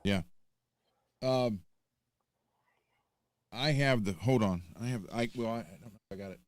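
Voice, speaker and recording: A man with a fairly low voice, speaking as a livestream guest. He tells anecdotes in a halting, stop-start way, restarting his sentences often. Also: dry recording, studio quality. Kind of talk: casual storytelling chat.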